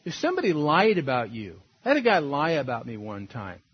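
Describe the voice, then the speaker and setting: A male pastor preaching in a relaxed, talky sermon style, with a slightly husky voice that swings widely in pitch. He tells stories and chuckles at his own points. The recording is dull and lo-fi. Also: a little fast. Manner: conversational, storytelling, laughs at own points.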